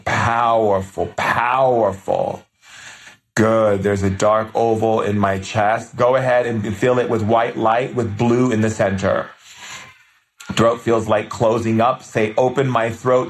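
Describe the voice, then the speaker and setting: Reading comments aloud during a live spiritual healing stream, a man answers each one with soft, tender, chant-like instructions. His voice is fairly low and the recording carries reverb.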